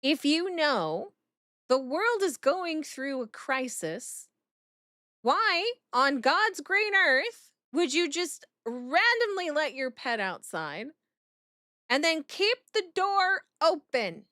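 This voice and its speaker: A woman's voice: high voice, big pitch swings, slow, sharp tone, no room sound, clean studio sound. A woman streamer chatting through a game reaction in a blunt, profane, giggly way.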